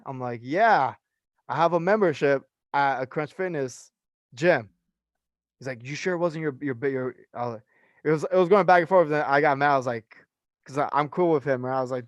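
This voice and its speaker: A man's voice: mid-range voice, normal speed, no echo, dull audio. A young man from California, a personal trainer, telling a story in casual podcast chat with lots of fillers and swearing. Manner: animated storyteller, profane, many fillers.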